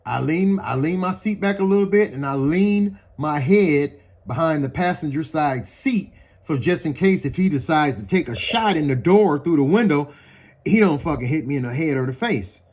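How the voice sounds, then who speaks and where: A man's voice: on the high side, animated, normal speed, darkish tone. A man heatedly recounting a police encounter while standing outdoors in front of his house, swearing often and pointing things out as he talks. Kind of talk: agitated first-person account.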